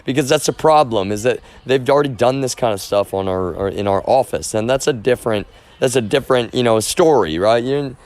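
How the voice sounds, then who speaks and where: A man's voice: medium pitch, a little fast, a little mellow. A man livestreaming a casual, unscripted monologue, rambling with many restarts and repeated phrases and insisting on his point again and again.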